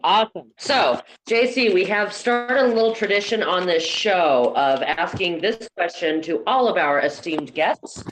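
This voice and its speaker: A woman co-hosting a podcast, excitable and gushing over a guest's answers. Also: on the low side, unhurried, hardly any pauses, a little hiss or hum, low-quality recording. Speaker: podcast co-host. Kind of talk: casual podcast chat.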